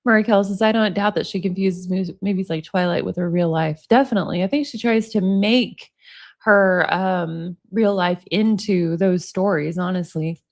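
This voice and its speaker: A woman's voice: on the low side, normal speed. A woman in her forties hosting a casual live-stream, chatting and reading viewer comments aloud with frequent laughs. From United States. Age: 40s. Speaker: livestream commentary host.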